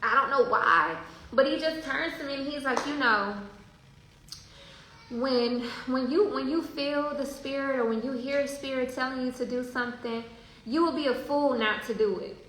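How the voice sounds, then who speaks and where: A woman telling a travel story in a casual, animated way, laughing often and talking about spiritual signs. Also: high-pitched, moderate pace. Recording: very echoey room with faint hiss.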